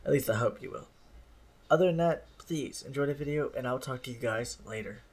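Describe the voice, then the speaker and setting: A man giving casual, excitable commentary as he plays a game for the first time, swearing when startled. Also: mid-range voice, brisk, far from the mic. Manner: chatty, excitable, swears at surprises. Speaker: gamer. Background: game music.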